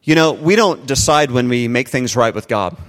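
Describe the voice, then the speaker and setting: A middle-aged man delivers a sermon in an earnest, emphatic way, pressing his points with rhetorical questions. His voice sits at an ordinary male pitch. It rings out in a big church hall with a long, lingering reverb. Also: lively intonation, moderate pace. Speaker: preacher.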